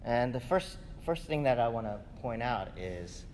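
In an unhurried, slightly mellow mid-range voice with lively intonation, a man delivers a casual sermon as pastor. He sprinkles "right?" through his sentences. There's slight background noise in an echoey hall with faint ambience.

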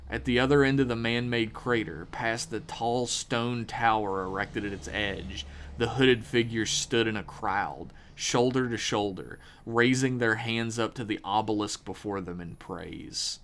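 A man hosting a podcast, reading a horror story aloud with measured, dramatic pauses. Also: lowish voice, fairly bright tone.

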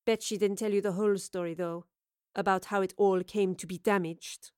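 A woman's voice: mid-range voice, fairly even intonation, normal speed, a little mellow, clear, resonant tone, dry recording, clean studio sound, lightly acted. A woman voicing a sneering, mocking woman from another world. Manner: mocking, cold.

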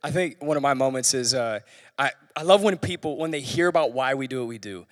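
A man's voice: medium pitch, lively intonation, fast, big-room sound. A man hosting a church podcast, telling stories in an encouraging way. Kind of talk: casual church podcast chat.

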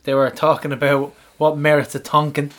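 Jokey football podcast co-host. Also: male voice, on the high side, monotone, fairly quick, a bit bright. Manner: jokey, laughs often, swears casually. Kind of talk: casual football fan chat.

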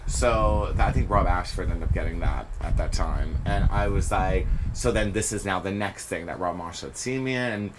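A man with a slightly low voice tells stories as a podcast guest in easygoing conversation. He is animated and laughs often, acting out the voices of the people in his stories. A clear hiss of background noise runs under the recording. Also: moderate pace, few pauses. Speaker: podcast guest, stage performer. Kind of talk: casual storytelling interview.

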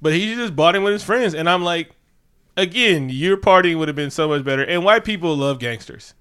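A man's voice: fairly high pitch, animated, brisk, fairly bright tone, clear, resonant tone. A man casually recapping a movie with a co-host, laughing often and acting out quotes. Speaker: podcast co-host.

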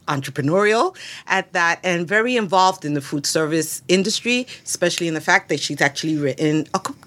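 A woman's voice: lowish voice, lively intonation, a little fast, fairly bright tone. A woman hosting a podcast interview on a headset mic, enthusiastic and chatty. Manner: enthusiastic, chatty, laughs easily. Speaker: podcast host.

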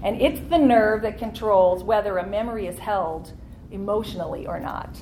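A woman's voice: mid-range voice, normal speed, a little mellow, a little hiss or hum. A woman teaching a church Bible study class in an earnest, conversational way, leaning into key points.

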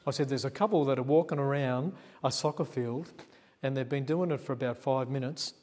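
A male pastor tells a story during a sermon, chatty and laughing at himself as he acts out the quotes. His mid-range voice has a darkish tone and moves a little fast, with long church reverb on the recording.

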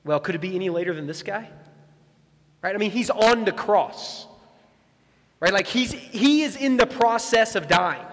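A man delivers a sermon in a fairly high voice, moving between lively acted-out quotes and repeated key lines. His voice carries a long reverb, as if in a large room. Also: normal speed, pauses often. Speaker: pastor.

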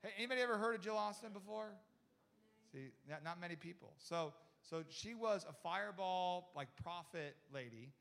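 A pastor tells a funny story from the pulpit, his high male voice bright and sharp. He talks in a chatty, animated way, full of restarts, and acts out the people in his tale. A long reverb from a large hall trails after his words. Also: moderate pace, gravelly. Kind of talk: humorous sermon storytelling.

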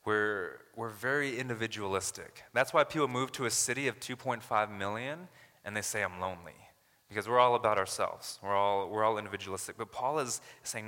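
A man's voice: lowish voice, a little fast, bright, forceful tone, long reverb tail. A man from Canada preaching a sermon as a pastor, earnest and building to emphatic paraphrases of scripture.

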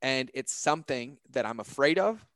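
A man's slightly bright, mid-range voice has lively intonation and a moderate pace as he chats reflectively on a podcast. Earnest and searching, he relies on "like" and "right?" as fillers. The sound is dry and close, with no echo and little room around it.

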